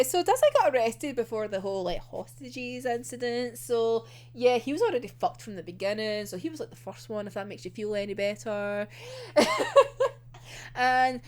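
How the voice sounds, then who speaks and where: Lively woman, laughing and swearing. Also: high voice. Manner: laughs often, swears freely, acts out characters' lines. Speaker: anime episode reviewer. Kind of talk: casual recap and commentary.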